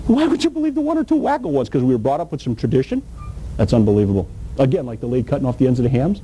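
A man's voice: sits high, big pitch swings, quick pace, dark tone, slight background noise, rough recording. A man preaching a sermon in a folksy, emphatic, colloquial way.

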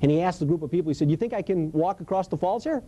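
A man's voice: fairly high pitch, very fast, mellow. A man preaching a Bible study in a conversational, emphatic way, telling stories and laughing as he goes. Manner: storytelling, emphatic, colloquial, laughs often. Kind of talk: conversational sermon.

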